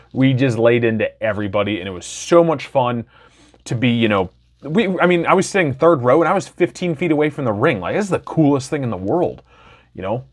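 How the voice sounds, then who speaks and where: A man in his thirties from Wisconsin telling his personal story in a candid, enthusiastic, casual way. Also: mid-range voice. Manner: candid, enthusiastic, loose with fillers. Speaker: podcast host.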